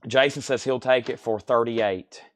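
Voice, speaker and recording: A man with a Southern US accent hosting a live record sale, reeling off titles and prices in a steady, folksy sales patter. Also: mid-range voice, normal speed. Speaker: host selling records on a livestream. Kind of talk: live sales stream, casual chat.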